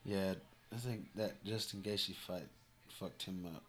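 A man's voice: low voice, unhurried, a crowd in the background. A young married man chatting casually about fights and jiu-jitsu, easygoing, with mumbled asides and casual swearing. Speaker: podcast co-host, jiu-jitsu competitor. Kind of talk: casual chat.

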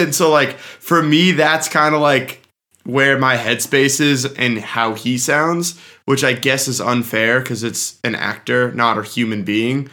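A man's voice: medium pitch, measured pace, bright, forceful tone. A man reviewing a film on a podcast in casual chat, emphatic and opinionated.

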